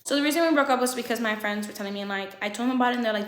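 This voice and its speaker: A young woman vlogger pours out a storytime in a candid, swear-heavy rush. Her voice sits a little high, and the room around her rings with echo. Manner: candid, profane, fast and emotional storytelling. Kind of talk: storytime vlog. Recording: echoey room.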